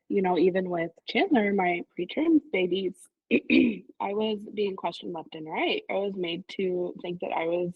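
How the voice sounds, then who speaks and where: A woman, a mother and former client, speaking heartfelt as a podcast guest and often murmuring soft agreement. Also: mid-range voice, breathy edge, no room sound, highs cut off. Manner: heartfelt, frequent soft affirmations. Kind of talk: casual podcast conversation.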